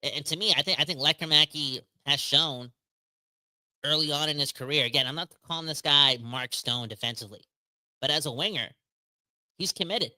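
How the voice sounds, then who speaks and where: A man co-hosting a hockey podcast in casual chat, energetic and slangy, joking with viewers. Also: fairly high pitch, a little fast, no room sound. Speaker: podcast co-host.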